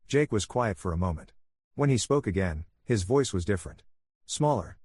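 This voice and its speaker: A man calmly narrating a first-person story in an even, soothing manner. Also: lowish voice, moderate pace, breathy edge, no room sound, clean studio sound.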